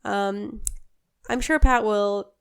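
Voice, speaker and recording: A woman's voice: mid-range voice, fairly even intonation, slow, gravelly, smooth. A woman co-hosting a podcast in casual chat, opinionated and talkative, often laughing and correcting herself mid-sentence. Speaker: podcast co-host.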